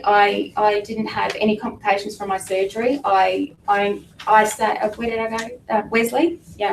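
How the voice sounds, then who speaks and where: A middle-aged woman giving an emotional personal testimony to an audience, halting and fighting back tears. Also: medium pitch, creaky, a little hiss or hum. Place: meeting room with an audience. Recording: echoey room from a distance with faint ambience.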